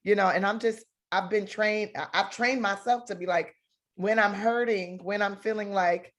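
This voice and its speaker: A woman in her thirties tells a story on a talk show, comedic and expressive. She acts out the exchanges she describes with lively, shifting delivery. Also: mid-range voice, normal speed. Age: 30s. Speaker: actress, guest.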